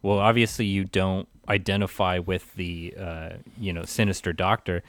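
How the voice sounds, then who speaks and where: A man's voice: deep voice, flat delivery, normal speed, no room sound. A man in a casual film discussion, rambling with many fillers and restarts.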